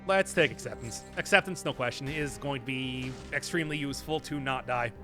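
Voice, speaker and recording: A young man live-streaming a game, chatting casually and answering chat in an animated, self-mocking way. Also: mid-range voice, brisk, soft background music. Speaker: gaming streamer.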